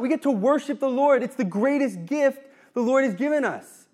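A man giving an earnest, exhorting faith talk to a group, reading scripture slowly and repeating words when excited. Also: extremely high pitch. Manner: reads scripture slowly and deliberately. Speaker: speaker at a community talk.

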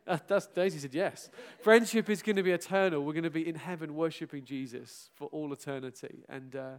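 Pastor guy, fairly high voice, goes from soft and warm to loud bursts, laughing at himself. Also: a little fast, clean tone. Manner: animated, self-mocking, bursts into loud exclamations and laughter. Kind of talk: farewell address from the pulpit.

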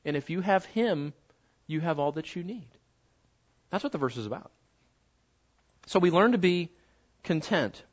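A man preaching a sermon in a conversational, animated way, slowing down to stress key words. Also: a little high. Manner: conversational, animated, slows down for emphasis. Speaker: pastor. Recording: dull lo-fi sound.

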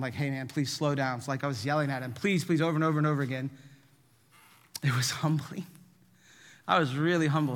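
A man preaching a sermon, telling a personal story in an animated, self-deprecating way. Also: fairly high pitch, long reverb tail. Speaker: pastor.

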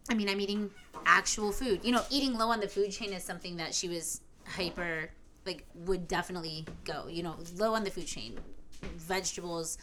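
A woman's voice: on the low side, fairly quick, a bit bright, slight background noise. A woman co-hosting a podcast who talks candidly in casual chat and swears freely. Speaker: podcast co-host.

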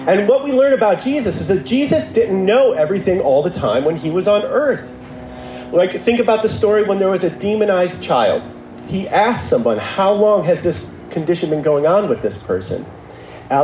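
A man giving a sermon, retelling stories in a conversational way and dropping into a lower voice for quoted lines. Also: lively intonation, moderate pace, warm tone, echoey room, a little hiss or hum, low-quality recording. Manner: storytelling, acting out quotes in a lower voice; conversational, with asides and restarts. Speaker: preacher.

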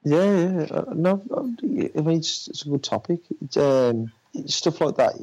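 A man's voice: fairly high pitch, expressive, unhurried, darkish tone, slightly rough. A man in casual chat about films, talking hesitantly with many fillers and restarts. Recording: dull lo-fi audio.

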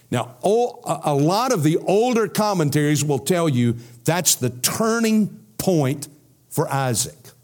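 A man's voice: fairly high pitch, darkish tone. A man preaching an expository sermon, explaining scripture verse by verse and often restarting his phrases.

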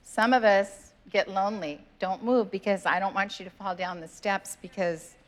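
A woman's voice: medium pitch, steady tone, normal speed. A woman pastor giving a sermon in church, earnest and conversational, reading scripture aloud. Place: church sanctuary.

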